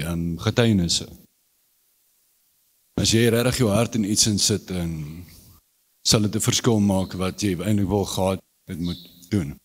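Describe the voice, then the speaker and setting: A man's voice: low voice, breathy edge. Hesitant man, many fillers. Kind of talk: short testimony. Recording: hall reverb.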